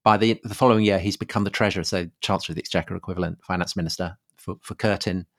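A man co-hosting a casual history podcast, halting and full of fillers. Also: low voice, steady tone, no echo, clean studio sound. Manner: halting, filler-heavy, quick agreements. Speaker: podcast co-host.

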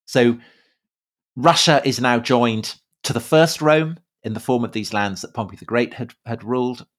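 A man co-hosting a podcast in a casual conversational style, halting often with fillers and repeated words. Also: medium pitch, steady tone. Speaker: podcast co-host. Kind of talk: casual conversational history chat.

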